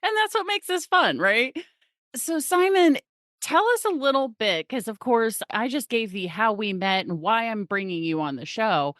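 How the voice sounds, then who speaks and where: A woman's voice: a little high, expressive, moderate pace, a bit bright, dry recording, studio quality. A woman hosting a podcast, bubbly and gushing as she introduces her guest, laughing often. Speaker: podcast host. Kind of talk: casual interview chat.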